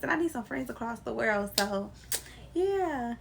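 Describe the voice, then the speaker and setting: Young woman, storytime vlogger, animated and emphatic, slangy casual talk, camera mic. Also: a little high, moderate pace, gravelly, slight background noise.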